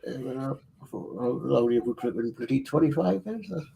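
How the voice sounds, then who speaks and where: A man's voice: medium pitch, a little fast, gravelly. A man chatting casually while building a model kit, explaining each step as he goes. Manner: relaxed, explains assembly steps as he works.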